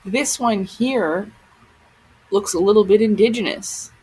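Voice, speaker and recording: A woman's voice: medium pitch, measured pace, mellow, husky, low-quality recording. A woman vlogger giving casual commentary on photos, often exclaiming in amazement.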